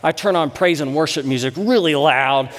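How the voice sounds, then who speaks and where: A man in his thirties, a pastor, giving a sermon with conversational, animated storytelling. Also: fairly high pitch, normal speed. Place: church sanctuary. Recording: long reverb in a church hall.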